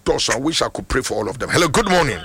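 A man's voice: medium pitch, very animated, racing, very noisy. A middle-aged Ghanaian man, a pastor praying fervently for callers on a radio call-in, in a sing-song declaring cadence.

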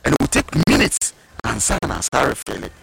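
Guy with a really gravelly voice talking fast about health stuff, walks through symptoms one by one, lots of noise behind him. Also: mid-range voice, wildly swooping pitch. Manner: explains symptoms step by step, mixing in English medical terms. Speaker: medical expert on a health show. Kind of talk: explanatory health talk. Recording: loud background noise.

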